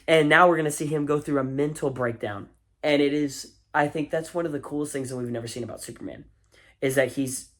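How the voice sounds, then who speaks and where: A man's voice: mid-range voice, a bit bright. Enthusiastic, rambling male film reviewer. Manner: enthusiastic, rambling with fillers and restarts. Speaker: movie reviewer. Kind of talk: casual spoken film review.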